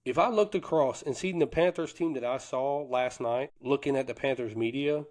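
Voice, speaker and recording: A man's voice: medium pitch, moderate pace, few pauses, darkish tone. A man co-hosting a sports podcast, talking with hyped, boastful energy and Southern slang. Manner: fired-up, boastful fan talk with Southern slang like "them boys" and "cuz". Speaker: podcast co-host.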